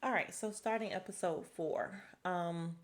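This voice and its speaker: A woman's voice: lowish voice, unhurried. Chatty woman recapping a show. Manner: chatty, reacts with laughs and retells scenes in quoted voices. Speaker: podcast host recapping a TV show. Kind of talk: casual recap chat.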